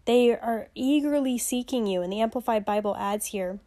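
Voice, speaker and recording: A woman's voice: a little high, moderate pace. Chatty woman teaching scripture. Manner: animated, chatty, laughs often, reads passages aloud. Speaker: podcast host teaching scripture. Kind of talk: casual Bible teaching.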